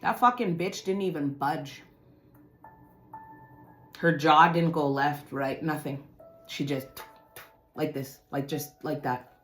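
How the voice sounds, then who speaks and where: A woman with a lowish voice tells her viewers a story in a casual, heavily profane way. She drops to a mutter, then bursts out loud and emphatic. Soft music plays faintly underneath. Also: takes it slowly, long pauses. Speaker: channel host telling a personal story.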